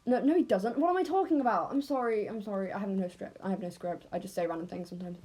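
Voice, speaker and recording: A woman's voice: mid-range voice, quick pace, mellow, slightly rough. Rambling English woman, unscripted. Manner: rambling, self-correcting. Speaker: storyteller. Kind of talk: unscripted casual storytelling.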